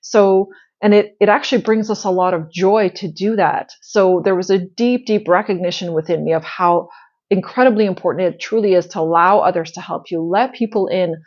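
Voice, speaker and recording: A woman's voice: lowish voice, moderate pace, darkish tone, highs cut off. A woman host telling a personal story in a casual, earnest way, with many fillers and restarts. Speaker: spiritual channel host.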